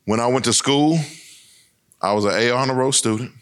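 Middle-aged guy telling his life story to a crowd, punchy and emphatic, goes up high then drops low. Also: a little fast, fairly bright tone. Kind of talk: personal testimony speech.

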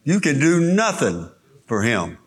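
Guy preaching a sermon, slow and deliberate, middle pitch, walks thru the bible verse by verse. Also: sing-song.

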